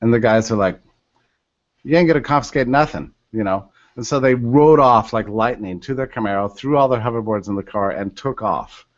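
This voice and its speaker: A man's voice: fairly low pitch, brisk, few pauses, no echo, muffled recording. A man telling a story as a podcast guest, acting out the voices of the people he quotes. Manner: animated, acts out quoted voices.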